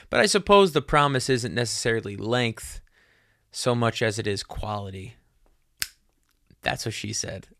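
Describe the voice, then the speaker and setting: A man's voice: medium pitch, fairly bright tone, dry recording, clean studio sound. A young adult man hosting a podcast, musing in a casual solo monologue that rambles with many fillers and casual swearing. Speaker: podcast host.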